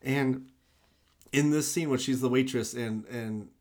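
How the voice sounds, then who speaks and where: A man's voice: mid-range voice, a little slow, a little mellow. A man co-hosting a casual podcast, enthusiastically discussing a film and acting out its scenes. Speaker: podcast co-host.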